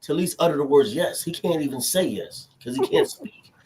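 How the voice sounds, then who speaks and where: A man's voice: on the high side, expressive, brisk, a crowd in the background. A young man co-hosting a podcast, ranting animatedly through heated political banter and cutting in with "hold on". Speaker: podcast co-host.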